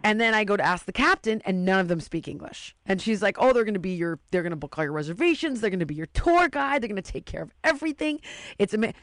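A woman's voice: medium pitch, animated, quick pace, few pauses, a bit bright, no room sound. A woman in casual chat, telling a long story and acting out the voices of the people in it.

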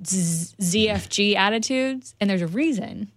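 A woman co-hosting a podcast in relaxed, casual chat. Her voice sits at a middle pitch in a dry, close recording, and she keeps the talk moving with curious questions. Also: measured pace, no echo. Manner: curious, asks lots of questions.

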